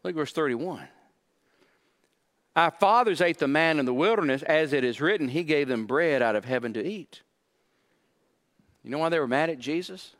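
A pastor preaching to his congregation, his voice pitched slightly high. He swings his delivery up and down for emphasis and drops into the voices of the people he quotes. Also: lively intonation, moderate pace, long pauses, fairly bright tone. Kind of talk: sermon.

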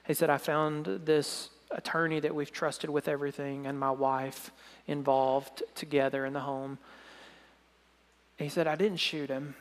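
A man preaching, retelling a dramatic story in sermon style and dropping to a soft, low voice at the emotional moments. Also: level tone, unhurried. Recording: long hall reverb.

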